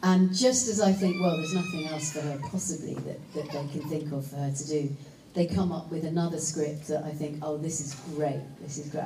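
An actress answering panel questions in a chatty, rambling way, full of fillers and asides. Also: female voice, lowish voice, warm tone, slight background noise. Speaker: actress and voice actor. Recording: roomy hall, distant mic, faint ambience.

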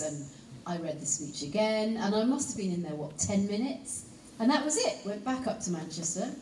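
A woman, an actress, telling a lively anecdote to a live audience and teasing them with asides. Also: mid-range voice. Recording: echoey hall, voice picked up from a distance, faint room noise.

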